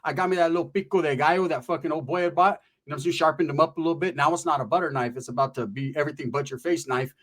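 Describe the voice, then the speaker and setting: A man's voice: on the high side, very fast, hardly any pauses, a bit bright. A middle-aged man casually telling a profane, streetwise story from his past, often tagging his lines with "right?".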